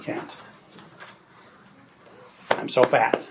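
A man's voice: very slow, background noise. An older man, a grandfather, presenting a parenting workshop in an earnest, encouraging way, repeating words for emphasis. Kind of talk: workshop talk.

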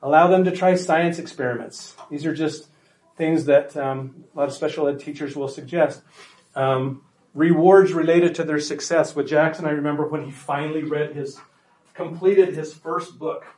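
A man's voice: a little high, steady tone, normal speed, a little mellow, echoey room, far from the mic, poor audio. A man presenting a workshop to parents, talking conversationally and emphatically and often checking in with the room.

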